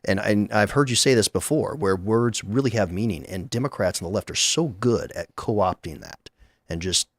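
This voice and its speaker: A man's voice: fairly low pitch, moderate pace, dry recording. A man appearing as a guest on a political talk show, speaking earnestly and emphatically into a close studio mic.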